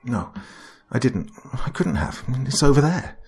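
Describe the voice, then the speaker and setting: A man's voice: mid-range voice, very animated, unhurried, a little mellow, pitched above the performer's own voice. A man voicing a tense young man who is scheming against a voice tormenting him.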